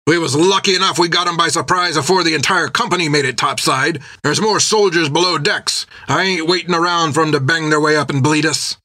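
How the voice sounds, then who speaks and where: A man voicing a fierce, rough-spoken pirate first mate who barks orders in coarse dialect. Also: fairly high pitch, a little fast, hardly any pauses, pushed and bright, no room sound, studio quality, voice pushed up. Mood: furious.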